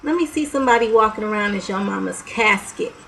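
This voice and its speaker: A woman's voice: medium pitch, quick pace, gravelly, fairly bright tone, low-quality recording. A young woman vlogger talking to the camera in a heated, blunt, profane rant, breaking off with laughs and sighs.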